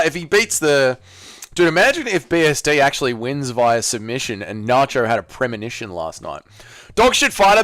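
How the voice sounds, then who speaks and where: A young Australian man hosting a casual livestream watch-along, excitable and swearing freely as he reads chat aloud. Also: a little high, no echo, clean studio sound. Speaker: livestream host.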